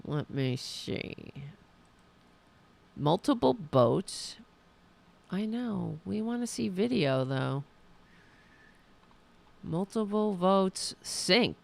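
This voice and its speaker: A woman's voice: mid-range voice, lively intonation, extremely slow, vocal fry, long pauses. A woman podcast host giving sarcastic, mocking live political commentary and reading viewer comments aloud.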